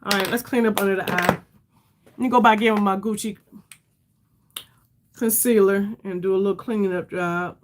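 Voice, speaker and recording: A woman's voice: medium pitch, steady tone, moderate pace, pauses often. A middle-aged woman hosting a casual makeup livestream, chatty and rambling, calling her viewers "y'all" and sounding tired. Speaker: beauty livestream host.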